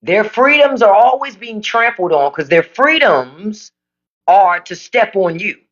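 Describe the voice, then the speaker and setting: An animated host on a phone livestream, talking straight to viewers with blunt, profane opinions. The pitch swings widely, and the audio sounds a bit dull and lo-fi. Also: a little slow. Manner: animated, emphatic. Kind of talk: casual live chat reading viewer comments.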